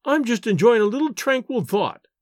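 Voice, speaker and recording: A man voicing a mysterious young woman in a storybook, drawling and mocking in a deep, musical, deliberate way. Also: very animated, no room sound, clean studio sound, heavily acted.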